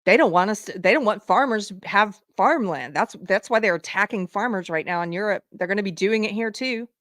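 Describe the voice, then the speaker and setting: A woman's voice: medium pitch, expressive, brisk, a bit bright, dry recording, studio quality. A woman hosting a live political commentary show, indignantly reading items off a list. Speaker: livestream show host.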